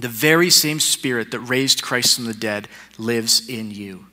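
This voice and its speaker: Recorded with long hall reverb, a pastor delivers his sermon in an unhurried, mid-range voice that is pushed and bright. He stacks up points by repeating them and drops in casual, joking asides.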